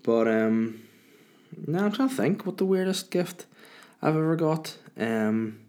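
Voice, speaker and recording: A man's voice: a little high, animated, a little slow, a little mellow. A young man chatting casually on his solo podcast, telling crude, joking stories and swearing freely. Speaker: podcast host.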